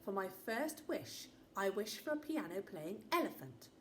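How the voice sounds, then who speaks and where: A cheery, joking male storybook character with a bouncy, lively voice, as a woman reading aloud puts him on. There is a faint hiss of noise behind. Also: mid-range voice, measured pace. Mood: cheerful. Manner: cheery, jokey.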